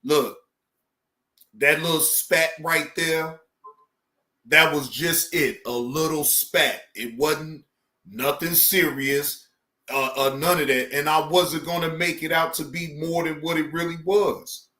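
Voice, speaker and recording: A man chatting casually on a live stream, swearing, laughing and giving shout-outs to viewers. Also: on the high side, steady tone, slow, roomy sound. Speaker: streamer reacting to videos.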